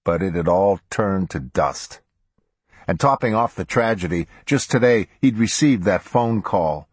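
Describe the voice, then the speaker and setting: This scripted crime audiobook is read by a male narrator whose deep, husky voice stays steady and measured. It's recorded close and dry, without any echo or room sound.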